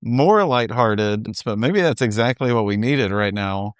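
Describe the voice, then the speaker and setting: A man co-hosting a podcast, offering relaxed opinions in easy chat. His voice sits at a middle pitch and sounds smooth and clean. The sound is dry and close, with no room in it. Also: measured pace, no room sound. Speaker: podcast co-host. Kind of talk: casual recap chat.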